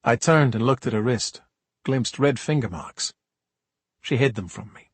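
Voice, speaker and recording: A man's voice: medium pitch, moderate pace, slightly rough, no room sound. A man reading an audiobook in a dry, wry first-person storytelling manner. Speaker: audiobook narrator. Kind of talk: scripted narration.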